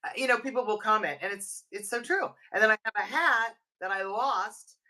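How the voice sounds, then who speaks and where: A woman in her fifties co-hosting a casual chat show, telling stories with lively laughter. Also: fairly high pitch, fairly quick. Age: 50s. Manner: animated storyteller, laughs often. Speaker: podcast co-host.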